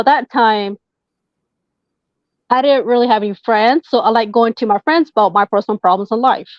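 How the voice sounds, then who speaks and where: A woman's voice: fairly high pitch, no room sound. A woman, a tarot reader, talking casually and hesitantly as a podcast guest. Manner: hesitant, many fillers. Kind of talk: casual interview chat. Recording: dull dry lo-fi sound.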